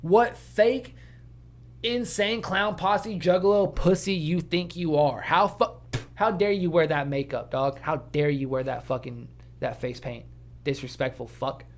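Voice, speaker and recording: A man's voice: on the high side, unhurried, a little hiss or hum. A man co-hosting a podcast in casual, profane, ranting chat. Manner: animated, swearing, ranting. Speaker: podcast co-host.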